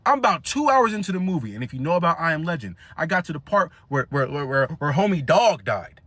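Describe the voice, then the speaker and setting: A young man telling a funny story in a casual, animated way, laughing often and acting out other people. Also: on the high side, fast talker, dry recording.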